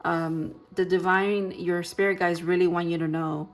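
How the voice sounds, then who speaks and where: A woman giving a gentle, reassuring tarot reading, talking in loose, rambling sentences with restarts. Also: lowish voice, flat delivery, normal speed. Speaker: tarot reader. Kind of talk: pick-a-card tarot reading.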